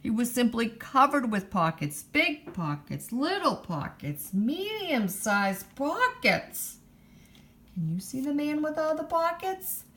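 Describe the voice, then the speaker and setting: A woman reading a picture book aloud in an expressive storytime manner. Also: high voice, slow, slight background noise.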